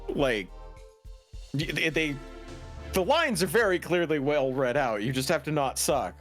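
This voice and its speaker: Male streamer, casual and profane, animated pitch, faint music under. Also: unhurried. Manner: profane, joking, explanatory. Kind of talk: casual livestream chat.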